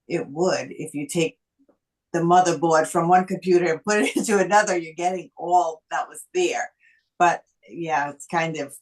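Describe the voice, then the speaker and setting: A woman co-hosting a casual film discussion, speaking hesitantly with many pauses and fillers. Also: low-pitched, rough recording. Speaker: podcast co-host.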